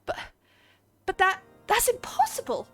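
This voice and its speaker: A woman's voice: very high voice, huge pitch swings, measured pace, bright, forceful tone, soft background music, voice pushed up, heavily acted. A woman reading out a game porter's lines, huffy and indignant, defending his shipments. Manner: huffy, reading dialogue aloud.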